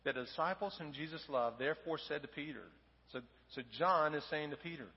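A man preaches in a conversational way, often stepping into the voices of the people he quotes. His voice sits a little high and is heard through a dull, muffled recording with a long hall reverb. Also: a little fast. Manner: conversational preaching with fillers, dramatizes quoted lines. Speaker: pastor. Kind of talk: sermon. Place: church sanctuary.

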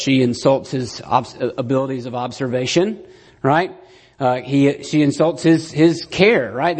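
A man's voice: mid-range voice, darkish tone, slightly rough. Man preaching a conversational sermon. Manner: conversational, keeps asking "right?"; acts out the quoted lines.

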